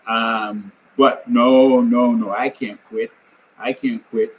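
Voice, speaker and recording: A man's voice: medium pitch, takes it slowly, rough recording. Older man rambling through a race story. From New York. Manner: rambling, animated, many fillers and restarts. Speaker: amateur marathon runner. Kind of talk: casual personal storytelling.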